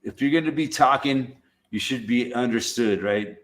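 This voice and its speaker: A man's voice: medium pitch, moderate pace, a bit bright. Blunt, easygoing man from Southern California. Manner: blunt, swears freely, laughs often. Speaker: YouTube channel host. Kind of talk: casual chat.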